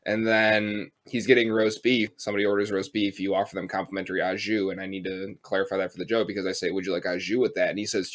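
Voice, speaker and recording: A man's voice: deep voice, little pitch movement, quick pace, hardly any pauses. An American man in his twenties with a rambling, profane way of telling stories, full of fillers, co-hosting a casual podcast chat. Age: 20s. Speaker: podcast co-host.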